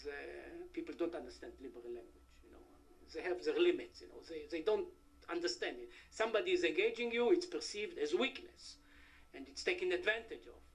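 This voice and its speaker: Halting high-voiced man giving a talk. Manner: halting, many "uh" fillers, wry asides to the audience. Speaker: conference speaker. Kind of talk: academic conference talk. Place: conference hall.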